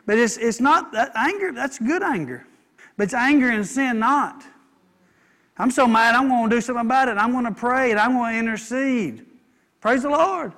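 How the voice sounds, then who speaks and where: A man's voice: extremely high pitch, normal speed, fairly bright tone. A man preaching a sermon, folksy, repeating lines and calling for amens. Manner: folksy, repeats himself, asks the congregation for amens. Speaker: pastor.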